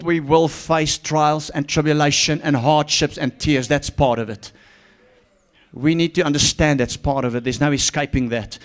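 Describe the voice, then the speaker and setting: A man preaching a sermon to a congregation in church, fervent, swinging from hushed to shouted and repeating his phrases. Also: fairly high pitch. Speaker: pastor.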